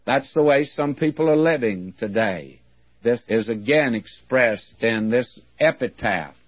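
A man preaching a sermon, reading scripture with deliberate emphasis. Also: mid-range voice, lively intonation, dry recording. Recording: dull, dry lo-fi recording.

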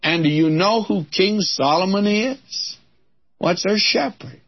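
A male preacher giving a sermon, telling a Bible story with expressive voices and quoting old-fashioned scripture. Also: sits high, slow pace, breathy edge, highs cut off.

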